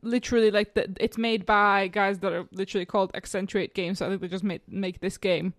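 A woman's voice: medium pitch, steady tone, fairly quick, no echo, clean studio sound. A woman co-hosting a podcast in casual chat, chatty and self-deprecating, laughing often. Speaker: podcast co-host.

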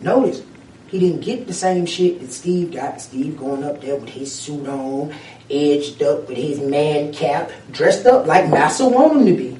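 A man with a high voice holds forth in a profane, animated rant full of street slang. He sounds set back from the mic, and the room gives his voice a strong echo. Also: measured pace, slight background noise. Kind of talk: casual chat. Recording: echoey room, mic at a distance.

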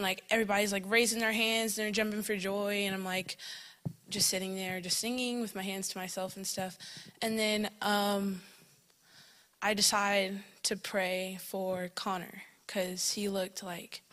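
Young woman, casual spoken testimony, bright clear tone, chatty, lots of fillers, laughs often. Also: mid-range voice. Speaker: camp attendee giving a testimony.

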